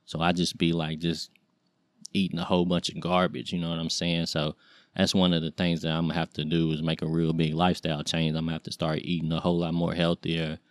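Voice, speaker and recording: A man's voice: low voice, monotone, fast, dry recording, studio quality. A man in his late thirties casually telling a personal story as a podcast host, loose and rambling with slang and lots of fillers. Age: 30s.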